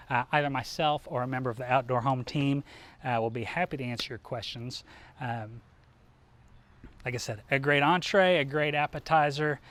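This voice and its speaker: Man, live cooking demo host, casual, upbeat, chatty, mid-pitched voice. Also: normal speed, fairly bright tone. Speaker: cooking demonstrator.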